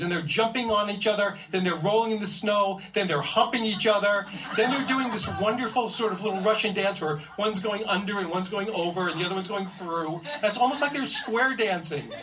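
Guy telling a funny adventure story, kinda high voice, mic a bit far off. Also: brisk, hardly any pauses, a crowd in the background. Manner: animated, building comic suspense. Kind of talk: first-person storytelling to an audience. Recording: distant mic with faint ambience.

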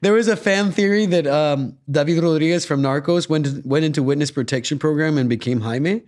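A man's voice: on the high side, fairly quick, darkish tone. A young man from Guatemala, an actor and comedian, chatting playfully in an interview with lots of fillers and laughs. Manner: playful, laughing, filler-heavy, acts out voices. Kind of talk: casual interview.

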